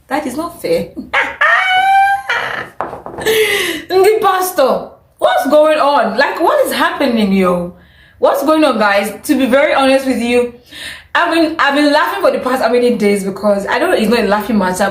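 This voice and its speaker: A woman talks straight to her audience in a casual opinion vlog. Her voice sits a little high, and she speaks in a chatty, opinionated way, often breaking into laughter. The sound carries a roomy echo. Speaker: vlogger.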